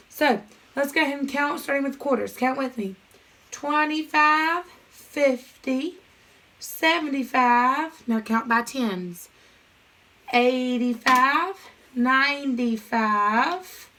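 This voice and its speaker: Bright, sing-song woman teaching young kids. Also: sits high. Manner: cheerful sing-song, sings short rhymes. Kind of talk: recorded online math lesson for young children.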